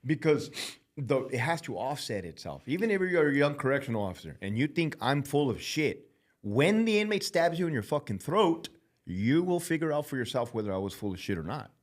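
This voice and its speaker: A man's voice: mid-range voice, big pitch swings, brisk. A man hosting a casual podcast conversation, a former prison officer who talks bluntly and swears constantly. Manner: blunt and heavily profane.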